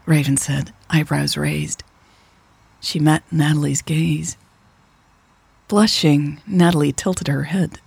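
A woman narrating a serialized romance story in a soft, unhurried reading voice. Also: sits low, steady tone, gravelly, slightly rough, soft background music. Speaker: podcast storyteller.

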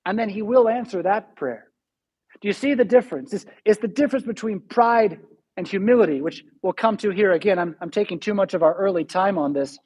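Husky-voiced man preaching a sermon. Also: high voice, a little mellow. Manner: conversational preaching, reads scripture slowly and emphatically. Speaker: pastor.

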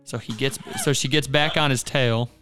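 A man's voice: mid-range voice, steady tone, normal speed, fairly bright tone, soft background music. A man co-hosting a podcast, retelling a folk tale in a laid-back, rambling casual way. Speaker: podcast co-host. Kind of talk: casual storytelling.

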